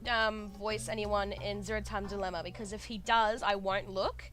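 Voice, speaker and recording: Aussie girl doing a chatty lets play, bright voice, swears a bunch, quiet game music behind. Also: medium pitch, moderate pace. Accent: Australian. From Australia. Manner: chatty, excitable, swears freely. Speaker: gaming streamer. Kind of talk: casual let's-play commentary.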